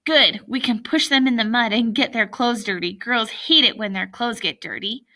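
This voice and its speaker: A woman's voice: a little high, normal speed, bright, forceful tone, recorded from a distance. A woman voicing a bossy, boastful schoolboy bully in a storybook reading, sneering and whiny. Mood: scheming.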